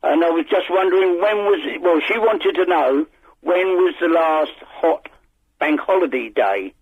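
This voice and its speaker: A man's voice: fairly high pitch, expressive, normal speed, slightly rough, no echo. An older grandfather phoning in to a radio show, talking in a hesitant, rambling way. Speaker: caller. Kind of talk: phone-in call. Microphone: telephone. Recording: tinny phone line.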